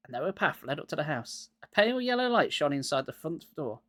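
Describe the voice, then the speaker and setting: A man's voice: a little high, very animated, brisk, fairly bright tone, no room sound, studio quality. A man getting over a cold, giving a live reading of a children's horror book and breaking off with sarcastic asides. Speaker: reader.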